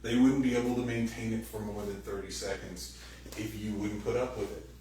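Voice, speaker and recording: A man giving a sermon as pastor, animated and conversational, acting out quoted voices loudly. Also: lowish voice, fairly quick. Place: church hall. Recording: very echoey room, distant mic, faint noise.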